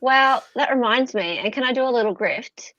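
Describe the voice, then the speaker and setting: A woman's voice: a little high, moderate pace, a bit bright, dry recording. An Australian woman co-hosting a casual live stream, chatty and fond of tag questions. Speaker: co-host streamer. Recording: dull lo-fi stream audio.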